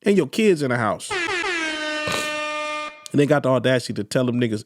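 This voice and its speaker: A young man from East Oakland with a Bay Area accent, hosting a podcast and delivering a loud, profane comedic rant that swings between high yelps and low growls. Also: very animated, fairly quick, long pauses, noisy background. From East Oakland, California. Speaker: podcast host.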